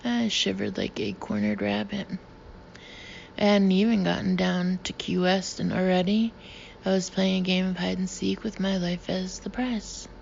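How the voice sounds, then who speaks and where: Woman, audiobook narration, hushed and breathy, gravelly, slightly dull recording. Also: medium pitch, animated, normal speed, slight background noise.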